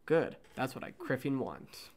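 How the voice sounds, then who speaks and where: A man reading a gruff male ship captain, a former politician, who speaks bluntly and matter-of-factly in a fan script reading. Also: medium pitch, sing-song, measured pace.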